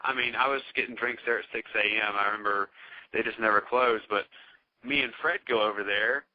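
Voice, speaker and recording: A man's voice: fairly low pitch, fairly even intonation, a little fast, no room sound. Profane Southern man telling a story. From Charlotte, North Carolina. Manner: rambling, profane, laid-back storytelling. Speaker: podcast guest. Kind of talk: casual storytelling chat. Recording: dull, dry podcast audio.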